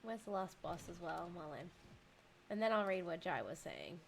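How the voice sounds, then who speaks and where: A woman streaming a game and chatting casually, telling stories with lively laughter. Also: lowish voice, moderate pace, gravelly, a little hiss or hum. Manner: animated storyteller, laughs while telling. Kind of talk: casual gaming chat.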